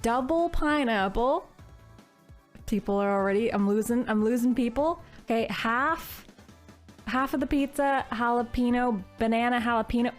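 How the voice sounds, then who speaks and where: A woman's voice: on the high side, moderate pace, soft background music. Chatty young woman streaming a game. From Canada. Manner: chatty, giggly, bursts into excited squeals. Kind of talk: live gameplay streaming with chat.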